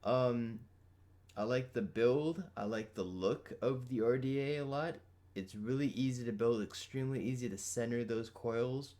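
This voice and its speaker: A young man with a sore throat and a raspy, hoarse voice, reviewing a product in a casual, rambling vlog. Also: mid-range voice, moderate pace, warm tone. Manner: casual, loose and rambling with fillers.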